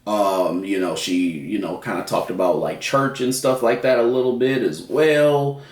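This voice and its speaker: A man co-hosting a casual food review, talking in an animated, playfully dramatic way. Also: lowish voice, normal speed. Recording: roomy and distant with faint noise.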